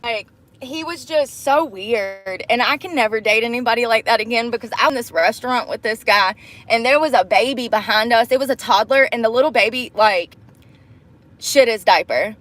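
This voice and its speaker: A young woman talking straight to her viewers in a loose, candid vlog, voice sitting a little high. She keeps it animated and breaks into laughter and squeals, and she calls her audience y'all, girl and baby. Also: moderate pace. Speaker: vlogger. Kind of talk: casual chat to camera.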